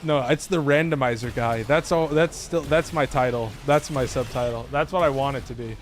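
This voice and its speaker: A man's voice: mid-range voice, moderate pace, soft background music. A man live-streaming a video game, chatting casually with viewers, joking and laughing often. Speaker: gaming streamer.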